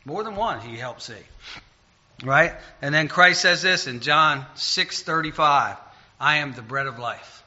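A man preaching an informal sermon in a conversational way, getting loud and emphatic when he retells stories. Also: on the high side, animated, a little slow, lo-fi sound.

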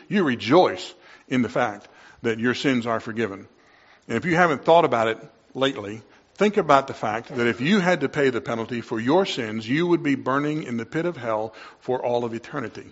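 Male preacher delivering a sermon, mid-pitched, passionate, with swings from hushed to loud; dull lo-fi recording. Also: expressive, brisk. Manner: impassioned, swings from quiet to loud.

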